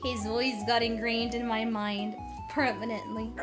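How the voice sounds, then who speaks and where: Cooking on a livestream, a woman chats casually in an unhurried, rather high voice with little pitch movement. She gushes, giggles a lot, and swears freely as background music plays.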